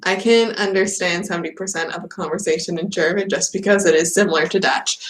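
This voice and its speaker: A young woman, a native English speaker, hosts a casual livestream chat in a lowish voice with fairly even intonation, talking fast. She's the channel host, laughing often and acting out her own anecdotes. The recording has a roomy echo.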